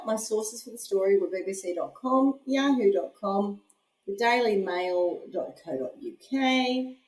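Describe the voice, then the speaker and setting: A woman hosting a casual podcast from home, chatty and quick to laugh at herself. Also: medium pitch, a little mellow. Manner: chatty, laughs often, self-deprecating. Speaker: podcast host. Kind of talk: casual chat. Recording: echoey room.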